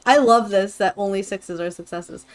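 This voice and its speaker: A woman's voice: mid-range voice, normal speed, soft background music. A woman narrating as game master of a tabletop game, hesitant, with frequent ums.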